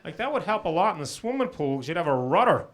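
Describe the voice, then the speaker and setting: A man's voice: fairly high pitch, sing-song. Middle-aged man doing dry stand-up. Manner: dry, punchline-driven delivery with quick asides to the crowd. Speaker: stand-up comedian. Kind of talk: stand-up comedy set. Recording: loud background noise.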